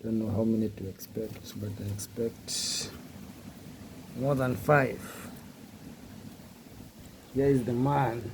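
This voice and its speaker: A man's voice: mid-range voice, slow, pauses often, noisy background. A man casually narrating a home video of his dogs with amused, playful running commentary. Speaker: dog owner filming his pets.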